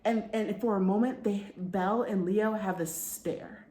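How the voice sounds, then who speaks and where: A woman's voice: medium pitch, fairly even intonation, unhurried, dark tone. A woman talking casually to her viewers about a book, chatty and full of asides. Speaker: book vlogger. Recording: roomy with faint background noise.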